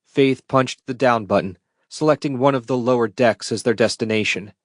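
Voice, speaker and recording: A man narrating a science fiction audiobook in a steady, measured read into a close mic. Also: mid-range voice, no room sound. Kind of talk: scripted narration.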